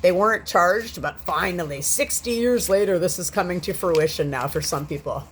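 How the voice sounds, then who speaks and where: A woman in her forties sits on a bed indoors, ranting agitatedly into a handheld phone for a vlog. Her voice is fairly low and her pace moderate, and she swears often and repeats herself, with a little hiss or hum in the recording.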